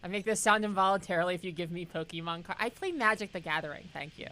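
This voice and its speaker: Young woman streamer, lowish voice, chatty and jokey, talking to chat while gaming. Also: quick pace, pushed and bright. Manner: rambling, joking, chatty asides to chat. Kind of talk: casual gameplay commentary.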